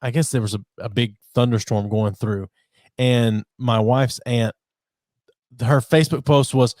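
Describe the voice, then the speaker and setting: A man's voice: mid-range voice, steady tone, a little slow, darkish tone, no echo, studio quality. A man hosting a podcast who leads the topics in a loose, joking way. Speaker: podcast host. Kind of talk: casual podcast chat.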